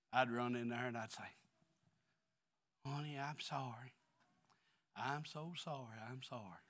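A middle-aged pastor in a mid-range voice delivers an earnest, confessional sermon in a church. He swings between quiet passages and loud ones.

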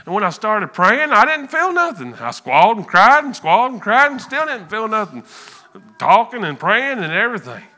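Guy telling his church testimony, real earnest, stumbles and repeats, bright sharp voice that jumps all over. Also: sits high, very animated, soft background music. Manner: earnest, halting, repeats words. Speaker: church member giving testimony.

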